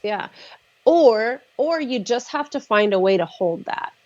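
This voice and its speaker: A woman therapist talking casually on a livestream video call, measured and thoughtful with frequent fillers. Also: on the high side, lively intonation, a little mellow, dry recording, highs cut off. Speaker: therapist, regular guest.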